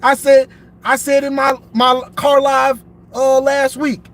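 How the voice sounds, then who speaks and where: A man's voice: very high voice, completely flat delivery, slow, fairly bright tone. A man ranting casually about football on a livestream from inside his car, emphatic and repeating himself. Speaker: sports commentator vlogger.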